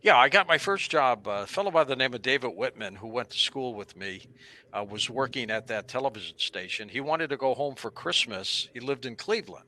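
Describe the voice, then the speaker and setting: An older man in his seventies with a bright, forceful tone and a middle-range pitch. He tells stories from his broadcasting career in an animated way as an interview guest, often slipping into the voices of people he quotes. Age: 70s. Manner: animated anecdotal storyteller who acts out quotes. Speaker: radio talk show host, interview guest. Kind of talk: storytelling interview on stage.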